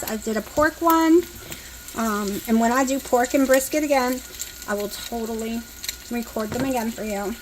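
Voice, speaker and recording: A woman's voice: on the high side, a little hiss or hum, poor audio. A woman with a Southern US country accent, chatting casually and rambling as she cooks, sounding exhausted. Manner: chatty, rambling, talks with mouth full at times. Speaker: cooking vlogger. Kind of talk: casual chat while cooking. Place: home kitchen, indoors. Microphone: phone.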